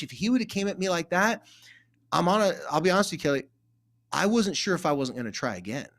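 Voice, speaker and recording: A man's voice: high-pitched, quick pace. A middle-aged man, a therapist guest, telling stories in casual conversation and acting out quoted dialogue. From California. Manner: animated, acts out quoted dialogue.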